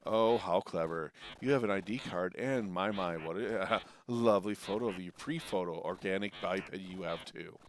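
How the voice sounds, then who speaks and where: A man voicing a sneering, snobbish male robot clerk who talks down slowly and sarcastically. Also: low-pitched, voice pushed down, natural voice. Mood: sarcastic. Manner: condescending, slow and sarcastic.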